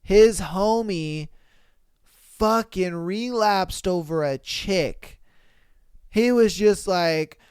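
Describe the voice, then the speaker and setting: A young adult man hosting a podcast, reading stories aloud and reacting with animated, profane exclamations on a close mic. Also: high-pitched, a little slow, clean tone, dry recording. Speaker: podcast host.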